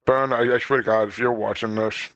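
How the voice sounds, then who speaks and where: A man's voice: lowish voice, fairly even intonation, brisk, a bit bright, dry recording, muffled recording. A man talking as a guest on a casual podcast, rambling and stammering, often restarting his sentences.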